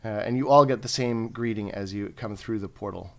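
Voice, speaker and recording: A man's voice: on the low side, moderate pace, vocal fry. A man runs a tabletop game as its game master. He narrates in a loose, chatty way and laughs often.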